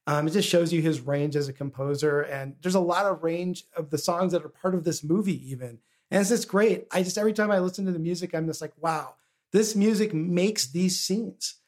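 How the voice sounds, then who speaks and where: Slightly high-voiced man, halting film chat. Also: darkish tone. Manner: hesitant, many ums and uhs. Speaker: podcast host. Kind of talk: casual film discussion.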